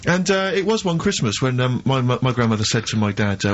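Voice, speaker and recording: Fast-talking dry, teasing man. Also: medium pitch, highs cut off, a little hiss or hum. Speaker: radio co-host. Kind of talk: casual radio chat. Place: radio studio.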